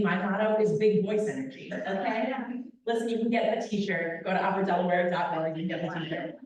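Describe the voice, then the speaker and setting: A young woman speaks to a live audience, animated and playful, teasing the crowd as she talks. Her voice rings through a very echoey hall and sounds a little distant from the mic. Her pitch sits in an ordinary middle range for a woman. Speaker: guest speaker, opera company vice president. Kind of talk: lively public talk to an audience. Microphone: handheld microphone.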